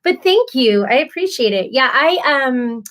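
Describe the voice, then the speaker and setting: A woman, talking on a casual live stream in a slightly higher voice. She reads out viewer comments and chats back, quick to laugh and quick to get emotional, and she keeps tripping over names. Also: very animated, a bit bright. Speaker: livestream host reading viewer comments.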